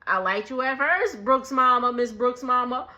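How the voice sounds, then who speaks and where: A woman recapping a reality show in a casual, animated way, laughing often and acting out what people said. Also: high voice, moderate pace, lo-fi sound. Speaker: recap vlogger.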